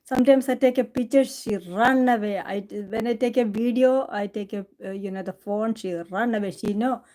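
A woman's voice: a little high, normal speed, mellow. Doting woman. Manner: doting, affectionate, laughing often. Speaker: cooking channel host. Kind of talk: casual live stream chat to her cat.

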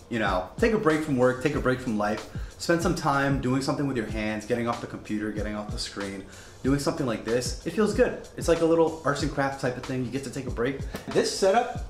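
A man casually demonstrating a home coffee setup, chatty and rambling with joking asides. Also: medium pitch. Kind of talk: casual product demo. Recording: echoey room with faint music.

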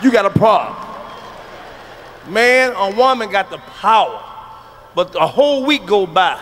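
A man doing a stand-up comedy routine, brash and profane, breaking into sudden shouted bursts. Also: sits high, expressive, measured pace.

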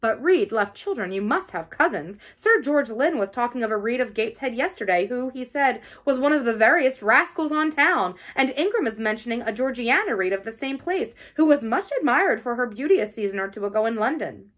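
A woman voicing a brusque, impatient gentleman master of the house who fires off curt questions, in an audiobook reading. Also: on the high side, lively intonation, fairly quick, few pauses.

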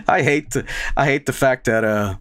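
A young male game streamer telling a story into a desk microphone at home, laughing and cursing as he goes. His pitch swings widely from low mutters up to sudden yelps. The sound is close and completely dry, with no room around it. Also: no room sound. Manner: animated, laughing, swearing, with sudden loud outbursts. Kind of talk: casual storytelling on a live stream.

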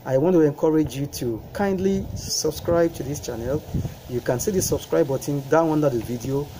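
A man preaching a sermon, repeating phrases with rising fervor and praying in a low, soft voice. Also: moderate pace, slight background noise, low-quality recording.

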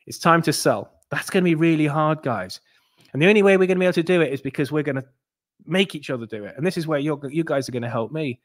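A man hosting a crypto channel, talking straight to his viewers in a rambling, animated way, with many restarts and asides. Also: on the high side, quick pace. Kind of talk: casual monologue to viewers.

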